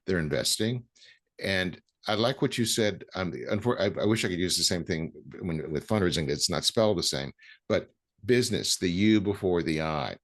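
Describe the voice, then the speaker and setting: A man hosting an interview, talking in a halting way with many ums and restarts, then landing his points with emphasis. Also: low voice, expressive. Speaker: podcast host. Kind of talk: conversational interview.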